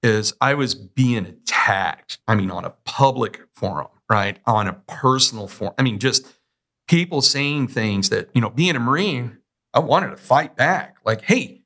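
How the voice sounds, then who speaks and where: A man's voice: mid-range voice, lively intonation, a little slow, bright, forceful tone. A male podcast host and Marine veteran in a casual interview, telling long anecdotes and acting out other people's words. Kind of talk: conversational interview.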